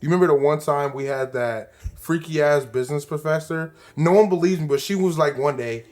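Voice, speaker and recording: A man's voice: a little high, brisk, a little mellow. A young man co-hosting a podcast in casual, crude, joking chat, laughing often. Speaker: podcast co-host.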